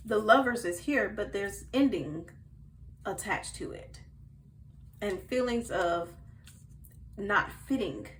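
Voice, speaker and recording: A woman giving a casual tarot card reading to her viewers in a chatty way, swinging from soft murmurs to loud bursts. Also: mid-range voice, lively intonation, takes it slowly, long pauses, slight background noise, poor audio. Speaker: tarot reader.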